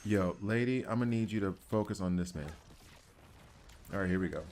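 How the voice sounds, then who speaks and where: A man with a deep, low voice and a Southern accent talks his way through a video game. His commentary is loose and rambling, and he keeps laughing at his own odd tangents. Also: normal speed, a little mellow. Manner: rambling, self-deprecating, chatty. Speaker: gaming channel host. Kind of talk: casual gameplay commentary.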